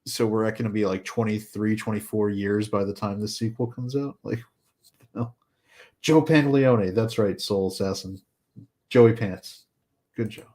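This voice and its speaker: A man's voice: fairly low pitch, steady tone, moderate pace, darkish tone. A man chatting on a podcast panel, laughing often and groping for names. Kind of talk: casual chat.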